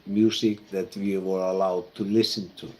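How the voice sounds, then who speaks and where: A man from Iceland with an Icelandic accent, a pastor telling personal stories in a halting, reflective way. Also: low-pitched, flat delivery. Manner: halting and reflective, with many fillers and restarts. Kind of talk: personal storytelling talk.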